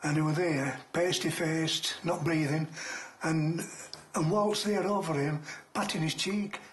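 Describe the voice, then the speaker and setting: An older man, a retired coal miner, telling a story in casual conversation, lively and full of restarts. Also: a little high, a little slow.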